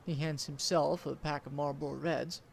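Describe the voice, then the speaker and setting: Young man narrating with gravelly drama. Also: fairly high pitch, steady tone, slight background noise. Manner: deliberate, dramatic storytelling delivery. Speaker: student storyteller. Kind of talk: dramatic first-person story narration.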